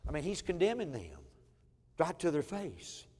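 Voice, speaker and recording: Storytelling pastor in a reverberant church. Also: male voice, a little high, wildly swooping pitch, normal speed, dark tone. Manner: storytelling, acting out family quotes, chuckling asides. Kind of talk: sermon. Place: church sanctuary. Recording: long church hall reverb.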